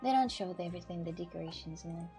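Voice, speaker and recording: A woman vlogger in casual chat, arguing her point with halting restarts and fillers. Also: lowish voice, warm tone, faint music behind.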